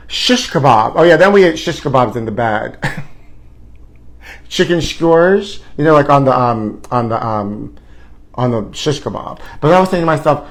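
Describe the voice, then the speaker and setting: A man's voice: medium pitch, lively intonation, unhurried, poor audio. Campy, sassy man hosting a gossip show. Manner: campy, sassy, theatrical, calls viewers honey. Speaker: host. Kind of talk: campy live gossip chat. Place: hot indoor studio.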